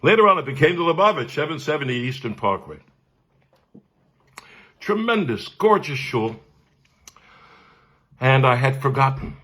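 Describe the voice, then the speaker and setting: A man, a cantor telling a humorous personal story with animated delivery and frequent laughs. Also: medium pitch, normal speed, pauses often. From Brooklyn, New York. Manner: animated, laughs often, acts out voices.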